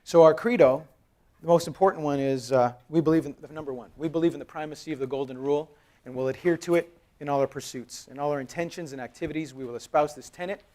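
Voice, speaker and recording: Fast-talking man giving a conference talk. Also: on the high side. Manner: animated storytelling, acts out quoted dialogue; conversational, jokes with the audience. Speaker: conference speaker. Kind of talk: live conference presentation. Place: conference hall.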